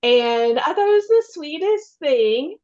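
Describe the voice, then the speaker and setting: A woman's voice: high-pitched, animated, a little slow, darkish tone, dull audio. A middle-aged woman from Kentucky with a Southern drawl, chatting as a guest author and laughing often. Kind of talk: casual podcast chat.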